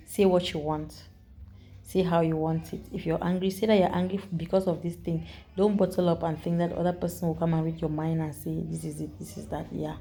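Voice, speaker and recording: A woman with a Nigerian accent telling a story to the camera in a chatty, animated vlog, repeating herself and adding asides. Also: fairly low pitch. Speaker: vlogger.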